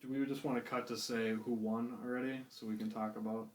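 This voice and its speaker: Male podcast co-host, mid pitch, chatty and opinionated, recorded with noticeable room echo. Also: little pitch movement, brisk, a little mellow. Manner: opinionated, chatty, repeats himself for emphasis. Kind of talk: casual podcast chat. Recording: roomy echo.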